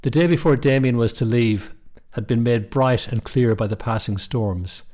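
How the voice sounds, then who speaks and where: A middle-aged man, reading a short story aloud in a calm, measured way. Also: medium pitch. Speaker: narrator.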